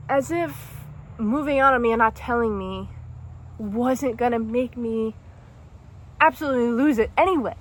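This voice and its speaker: A woman's voice: a little high, measured pace, pauses often, a little hiss or hum. Emotional young woman venting a breakup story. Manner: emotional, rambling, says "like" and "dude" a lot. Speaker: vlogger. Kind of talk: casual storytime monologue.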